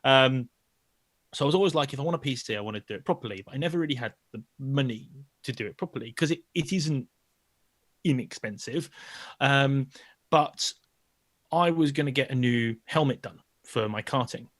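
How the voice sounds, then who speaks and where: A man's voice: medium pitch, moderate pace, fairly bright tone, no echo. Male co-host, rambling and self-deprecating, dry close mic. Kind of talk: casual podcast chat.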